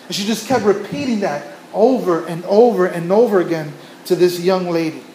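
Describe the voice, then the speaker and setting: This is a pastor preaching in a church, his voice notably high for a man. He tells stories earnestly, doubling back and repeating himself as he builds his point. The sound rings in an echoey room with faint ambience behind him. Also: normal speed, hardly any pauses, warm tone, slight background noise. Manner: earnest storytelling with many restarts and repetitions. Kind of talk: sermon.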